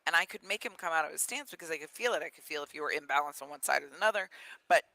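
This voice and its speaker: A woman's voice: deep voice, rapid-fire, creaky, no echo, rough recording. A woman guest, a football coach, telling stories in a radio interview and acting out the people in them. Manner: animated, acts out the people in her stories.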